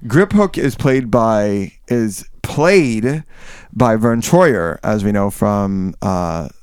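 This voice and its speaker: A man's voice: lowish voice, lively intonation, very slow, a little mellow, smooth, no room sound, studio quality. A man co-hosting a casual book-discussion podcast, rambling with frequent restarts and self-corrections. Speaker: podcast co-host.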